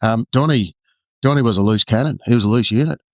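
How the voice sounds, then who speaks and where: A former undercover detective from Australia, a man with a medium-pitched voice, candidly tells his story. His delivery is halting, full of restarts and fillers. The recording is muffled, with no room sound.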